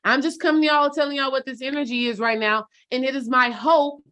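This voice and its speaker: A woman's voice: high voice, steady tone, fairly quick, bright, forceful tone. A woman spiritual coach giving a casual motivational talk to her followers, direct and preachy, calling them sis and baby.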